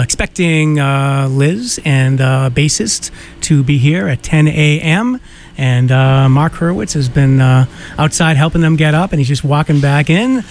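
A man hosting a morning radio show, his voice sitting a little high for a man. He back-announces songs in an easygoing, halting way, full of "uh"s. A faint hiss of noise runs underneath. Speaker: radio host. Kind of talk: casual morning radio chat.

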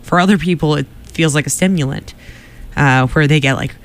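A chatty man co-hosting a loose news talk show, his voice smooth and clear and pitched a little high. He laughs often and drifts off into fillers mid-thought. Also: fairly quick. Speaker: co-host. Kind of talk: casual news chat.

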